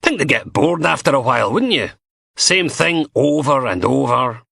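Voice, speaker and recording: A man's voice: medium pitch, big pitch swings, moderate pace, gravelly, pushed and bright, no echo, pitched above the performer's own voice, heavily acted. A man voicing a blunt, chain-smoking female police inspector with a Scottish accent, dry and sardonic.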